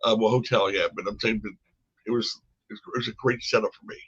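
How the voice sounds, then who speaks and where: A man's voice: lowish voice, fairly even intonation, fairly quick, a bit bright, breathy edge. An older man, a podcast guest, telling rambling stories from his past with frequent restarts. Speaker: podcast guest, former wrestling promoter. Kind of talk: casual storytelling conversation. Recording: dull lo-fi podcast audio.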